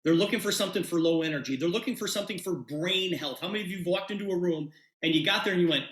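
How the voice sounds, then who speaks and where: A man's voice: sits high, racing. A man giving a sales presentation, telling a story and acting out both sides of a conversation. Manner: animated, acts out quoted dialogue. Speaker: presenter pitching a business opportunity. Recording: roomy echo.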